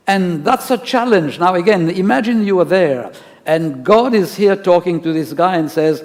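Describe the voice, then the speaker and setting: Man, pastor, storytelling sermon, rhetorical questions, fairly high voice, long church reverb. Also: lively intonation, moderate pace.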